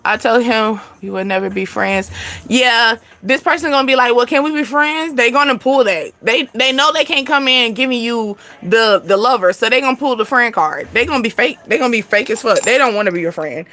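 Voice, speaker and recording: Woman, casual astrology reader, bright high voice, laughs and swears easily. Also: a little fast. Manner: chatty, laughs often, sings and acts out snippets; swears casually, addresses viewers as y'all. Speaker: spiritual reader.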